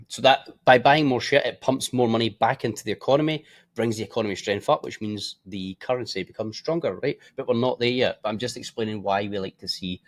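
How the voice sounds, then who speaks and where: Speaking fast in a lowish voice, a weary man presents forex market commentary bluntly and casually. Expect frequent yawns, free swearing, and offhand remarks along the way.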